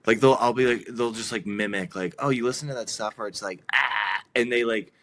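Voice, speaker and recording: A band vocalist appears as a podcast guest, talking fast at medium pitch. He rambles casually and animatedly, full of fillers, acting out quotes as he goes.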